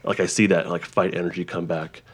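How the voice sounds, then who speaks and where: A man who works as a therapist, explaining ideas in a halting conversational way, with frequent restarts and examples. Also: low voice, level tone, husky. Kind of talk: conversational interview.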